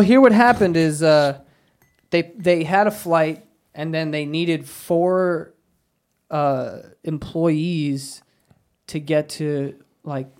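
A man's voice: a little high, darkish tone. A man hosting a podcast, telling a story in crude, casual chat with lots of swearing. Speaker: podcast host.

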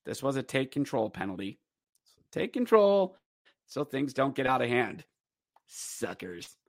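A man hosting a podcast, giving a rambling, animated casual recap of a hockey game. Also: mid-range voice, moderate pace, dry recording, clean studio sound. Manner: rambling and animated, breaks into acted quotes. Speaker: podcast host.

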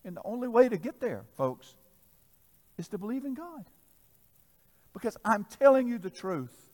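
A preacher man with a high voice delivers a sermon that swings from loud exhortation to hushed asides, drawing answers from his congregation. His voice rings out in a hall with a long reverb. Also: sing-song, normal speed. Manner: swings between loud exhortation and soft asides, audience call-and-response. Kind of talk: sermon with storytelling.

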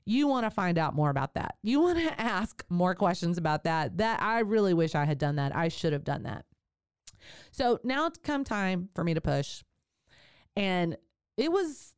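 A woman podcast host candidly telling a personal story, animated and laughing often. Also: mid-range voice, normal speed, clear, resonant tone, no room sound, studio quality.

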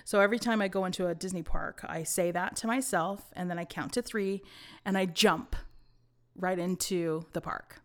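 A woman in her forties telling stories as a podcast guest, excitable and laughing often. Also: lowish voice, moderate pace. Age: 40s. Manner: excitable storyteller, bursts of laughter. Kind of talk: casual podcast chat.

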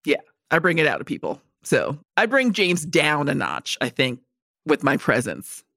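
Woman cohost, bright tone, dry mic, swears and jokes a lot. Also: low voice, wildly swooping pitch, normal speed, vocal fry, no room sound. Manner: blunt, profane joking. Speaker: podcast co-host. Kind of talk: casual chat.

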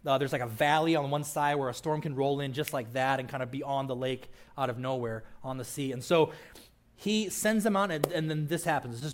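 A man's voice: medium pitch, brisk. Chatty man preaching a sermon. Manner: casual, chatty asides, frequent "right?". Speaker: pastor. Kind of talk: conversational sermon.

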